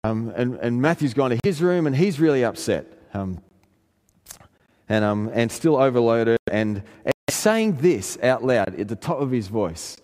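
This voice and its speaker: A man preaching a sermon, telling a family story in an earnest way and rising in pitch when he presses a point. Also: animated, measured pace, a little mellow. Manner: earnest storytelling, pitch climbing in emphatic passages. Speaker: pastor. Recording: long hall reverb.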